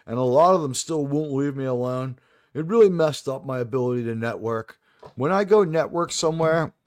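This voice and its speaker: Talking to his viewers in a loose, rambling way, this New York-accented, middle-aged man hosting a live stream keeps starting his sentences over. His voice is medium-pitched, and the sound is clean studio audio with no echo.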